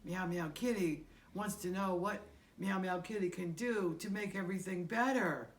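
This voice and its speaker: A woman's voice: on the low side, normal speed, slight background noise. A woman hosting a children's puppet show, patiently explaining things to her puppet in a sing-song way.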